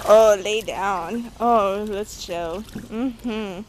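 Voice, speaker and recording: A woman's voice: mid-range voice, very slow, darkish tone. A young woman chatting casually to the camera while filming her pets in the yard, giggling and talking to her dog in a sing-song voice. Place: outdoors in a yard. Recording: noisy outdoor home video.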